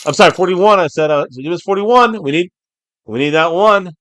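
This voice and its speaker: A man hosting a live game reaction stream, calling plays, reading viewer comments aloud, and erupting into shouts on big plays. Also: high-pitched, fairly quick, no room sound.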